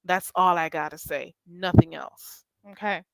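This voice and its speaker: A woman's voice: on the low side, steady tone, a little slow, vocal fry, a bit bright, no echo. A woman hosting a casual commentary show, talking in a blunt, emphatic and profane way.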